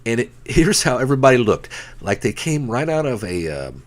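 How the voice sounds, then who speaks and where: A man's voice: mid-range voice, big pitch swings, normal speed. A man co-hosting a casual car talk show, rambling through stories and acting out quoted lines. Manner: rambling storyteller, acts out quoted bits. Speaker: co-host.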